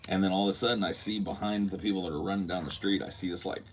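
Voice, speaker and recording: A man hosting a podcast, telling a dream in a loose, animated way, acting out quotes and swearing freely. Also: low-pitched, very fast, slight background noise. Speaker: podcast host. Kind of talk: casual storytelling.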